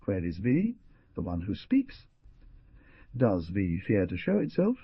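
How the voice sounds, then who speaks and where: A man voicing a resolute male frontier hunter who speaks firmly and loudly. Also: lowish voice, huge pitch swings, unhurried, breathy edge, no echo, heavily acted. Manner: firm, loud. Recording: dull dry lo-fi.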